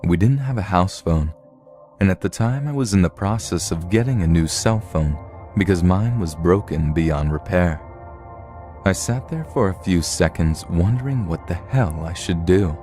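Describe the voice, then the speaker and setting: A man with a very low, dark voice reads scary stories aloud in a steady, measured way. A faint music bed plays softly behind his narration. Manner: steady, measured storytelling read. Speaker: narrator reading horror stories. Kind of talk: scripted horror story narration.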